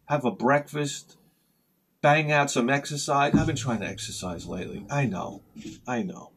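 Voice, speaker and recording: A man with a mid-range voice talks at normal speed, a little hiss or hum audible behind him. He runs a retro game channel and rambles through a vlog story, acting out each side of conversations in sudden, sharp bursts.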